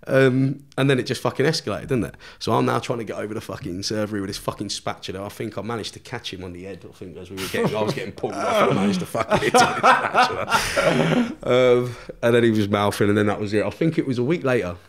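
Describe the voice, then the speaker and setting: A man's voice: fairly low pitch, lively intonation, quick pace, fairly bright tone. A man, a podcast guest telling a story in casual chat, swearing constantly and laughing as he goes.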